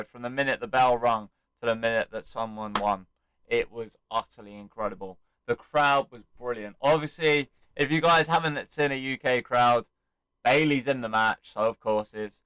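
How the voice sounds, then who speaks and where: A man's voice: medium pitch, a bit bright, smooth, no room sound, poor audio. A young man recapping an event he attended, telling it animatedly and acting out the quotes and chants. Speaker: wrestling fan vlogger. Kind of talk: excited casual recap.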